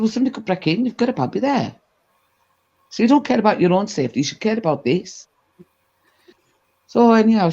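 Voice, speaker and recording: A woman telling a gossipy anecdote in a casual chat, animated and full of asides. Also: sits low. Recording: dull lo-fi recording.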